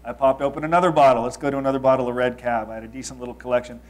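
A man in his thirties from Los Angeles, speaking as a storyteller before an audience. His voice sits at an ordinary middle pitch. He moves from punchy, louder statements into hushed, confessional asides. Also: steady tone, very fast. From Los Angeles, United States. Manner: confessional, swings between loud emphasis and quiet asides.

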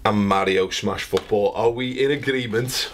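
A man hosting a casual gaming chat, excitable and prone to yelling. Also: fairly low pitch, normal speed, soft background music. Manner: excitable, yells and laughs while playing. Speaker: host.

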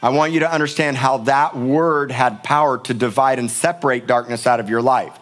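A man's voice: medium pitch, steady tone, normal speed, a bit bright, soft background music. A middle-aged male pastor preaching a sermon in a church, emphatic and passionate, often repeating words for force. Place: church sanctuary.

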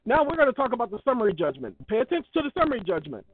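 Racing along with a breathy edge, this man's very high voice swings hugely in pitch. He hosts his own video, reading parts of a court ruling casually but emphatically, repetitive and preachy, with tinny phone-like sound.

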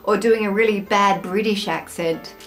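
A woman's voice: medium pitch, steady tone, normal speed, soft background music. An Australian woman hosting a snack taste-test vlog, chatting to camera in a bubbly, self-mocking way. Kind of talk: casual chat to camera.

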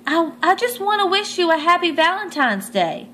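A woman voicing an eager, friendly young male lemon shark in a storybook, with excited, high-spirited lines. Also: normal speed, slight background noise, exaggerated voice. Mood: pleading.

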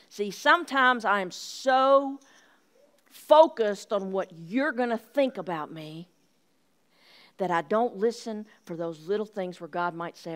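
A woman's voice: medium pitch, a little slow, fairly bright tone. A middle-aged woman giving an informal, chatty Bible teaching, self-deprecating and acting out little dialogues.

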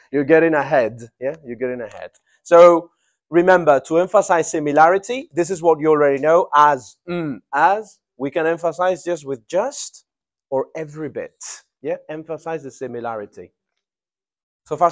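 Man teaching an English grammar class. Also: on the high side. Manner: drawn-out emphatic prompting of students.

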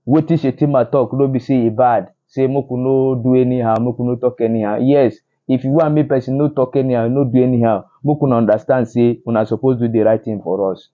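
A man's voice: mid-range voice, fairly even intonation, fast, hardly any pauses, phone-quality sound. A man from Nigeria with a Nigerian Pidgin English accent, delivering indignant social media news commentary, often repeating himself and restarting words. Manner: indignant, repetitive, stumbling restarts.

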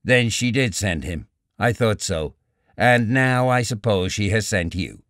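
A man voicing a bitter young male writer who argues in a cool, measured way, read in an audiobook. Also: lowish voice, expressive, a bit bright, no room sound, clean studio sound. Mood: sharp. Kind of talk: audiobook character reading.

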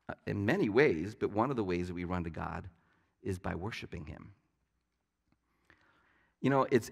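A man's voice: lowish voice, gravelly, big-room sound. A man preaching a sermon as pastor, telling stories in a conversational way with light asides. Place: church sanctuary.

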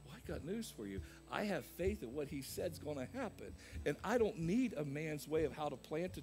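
A man preaching a sermon as pastor, swinging from loud emphatic peaks to quieter asides. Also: a little high, animated, normal speed, few pauses, over music. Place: church sanctuary.

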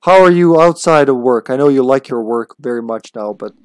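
A man's voice: medium pitch, brisk, no echo. Chatty swearing game streamer, man. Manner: chatty, swears freely, talks to chat. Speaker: livestream gamer. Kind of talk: casual live gameplay commentary.

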